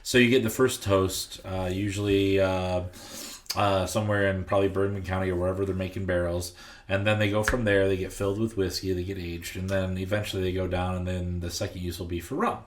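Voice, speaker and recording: Brewery guest, male, lowish pitch, dry joker, casual chat. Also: a little fast, a little hiss or hum. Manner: joking, deadpan asides.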